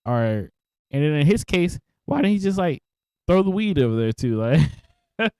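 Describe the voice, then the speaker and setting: A man's voice: fairly high pitch, very animated, moderate pace, warm tone, smooth, no echo. A man co-hosting a podcast in casual chat, laid-back and laughing easily, swearing now and then. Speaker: podcast co-host.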